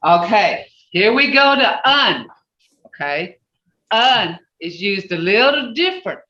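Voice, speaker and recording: A language teacher leading a class over a video call, explaining step by step, patiently and slowly, and correcting mistakes out loud along the way. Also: medium pitch, sing-song. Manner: self-correcting, with asides. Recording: roomy, distant, dull video call audio.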